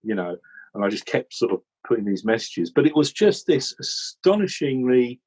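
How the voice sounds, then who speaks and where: Rambling, animated Englishman with a husky voice. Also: medium pitch, normal speed, poor audio. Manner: rambling, animated storytelling with many restarts. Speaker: regular commentator recalling how he joined. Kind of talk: casual chat.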